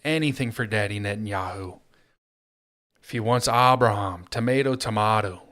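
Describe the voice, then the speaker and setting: A man's voice: fairly low pitch, normal speed, a bit bright. A man hosting a solo political commentary show, talking in a sarcastic, mocking way. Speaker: host.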